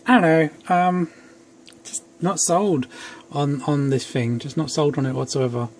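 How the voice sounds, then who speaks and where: A man's voice: a little high, fairly even intonation, unhurried. A young man casually reviewing an action figure at home, chatty and rambling with self-deprecating asides. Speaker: toy reviewer. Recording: faint background noise.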